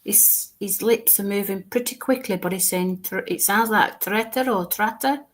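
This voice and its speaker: A medium-pitched woman's voice delivers a live mediumship reading. She hesitates and repeats words while recounting what she sees, and at points her speech falls to a murmur.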